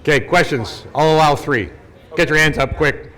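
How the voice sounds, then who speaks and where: A man's voice: a little high, fairly bright tone, big-room sound. Jokey man moderating a session. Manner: brisk, jokey. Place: conference hall.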